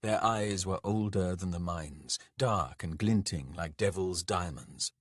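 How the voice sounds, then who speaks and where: Male narrator, slow, husky, low voice, dry close sound, dark fantasy audiobook. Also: no echo.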